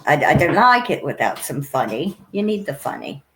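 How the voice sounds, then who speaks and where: A woman's voice: low voice, big pitch swings, normal speed, a bit bright, slight background noise, rough recording. A woman hosting an author interview in a casual, chatty way, laughing often. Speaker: podcast host interviewing authors. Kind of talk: casual chat.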